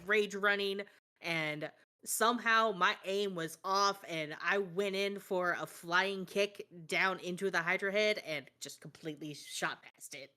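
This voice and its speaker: A woman playing a tabletop game, upbeat and quick to laugh. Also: medium pitch, pushed and bright. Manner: upbeat, laughs through lines. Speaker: player.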